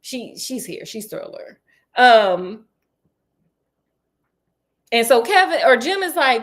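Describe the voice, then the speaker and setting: Woman, book recap host; playful, animated storyteller with a slightly higher voice. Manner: animated, acts out characters' lines in quick asides; playful and sassy.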